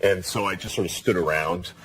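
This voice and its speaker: A man telling a comic story, then answering interview questions in a rambling, self-deprecating way with halting restarts. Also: deep voice, noisy background. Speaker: comedian. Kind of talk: stand-up bit, then interview.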